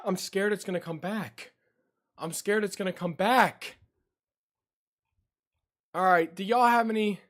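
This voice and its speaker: Young male streamer, slow unhurried talker, jumpy and easily spooked, reacting live from his home computer setup. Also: high-pitched, a bit bright. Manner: jumpy, easily startled, yelps and shrieks.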